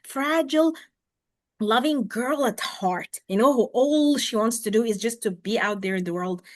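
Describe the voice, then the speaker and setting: Lively woman host, soft to loud. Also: a little high, normal speed. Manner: animated, swings between soft and loud, acts out quotes. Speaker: podcast host. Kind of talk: casual conversation over video call.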